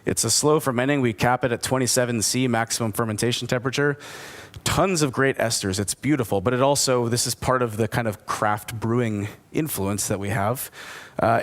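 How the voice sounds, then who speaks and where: A man's voice: medium pitch, a little fast. A man giving a conversational conference presentation, enthusiastic and asking his audience questions. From United States. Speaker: distillery speaker at a whisky forum.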